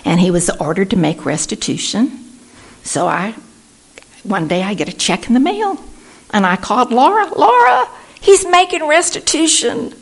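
An older woman gives a personal testimony at a recovery meeting. Her voice is husky and gravelly and sits a little low, and she tells her story earnestly, putting on the voices of the people she quotes. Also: very animated, moderate pace, long pauses. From Texas.

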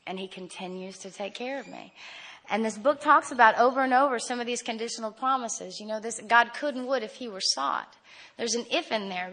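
An adult woman giving a candid personal testimony at a recovery meeting, animated and laughing often. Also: medium pitch.

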